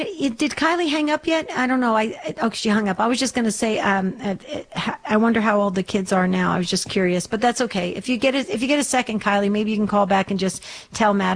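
Effusive woman radio host. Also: fairly high pitch. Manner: effusive and affirming, many restarts. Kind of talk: live call-in radio talk.

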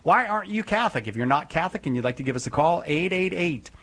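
A man's voice: fairly high pitch, lively intonation, fast talker, fairly bright tone. A man hosting a live call-in radio show, chatty and joking with callers and guests. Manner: chatty, joking, reads out phone number.

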